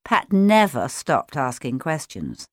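Woman, storyteller, children's story read aloud, low voice, lively rise and fall. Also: slow pace, no echo, studio quality. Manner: gentle storybook reading.

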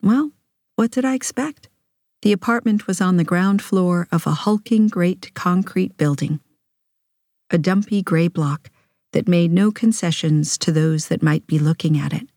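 A woman narrating an audiobook in measured, intimate first person, recorded on a close studio mic. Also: fairly low pitch, darkish tone, dry recording.

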